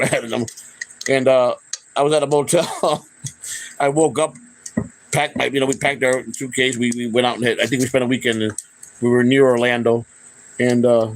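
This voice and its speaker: A man's voice: medium pitch, fairly bright tone, rough recording. A middle-aged man from Chicago, the host of his own channel, tells personal stories off the cuff, cursing freely and often restarting his sentences. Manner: rambling, profane, with frequent restarts. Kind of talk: unscripted personal storytelling.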